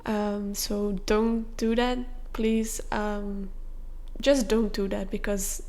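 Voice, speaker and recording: A young woman hosting a podcast, telling a personal story in a candid, confessional way with soft fillers. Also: medium pitch, little pitch movement, slow. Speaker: podcast host.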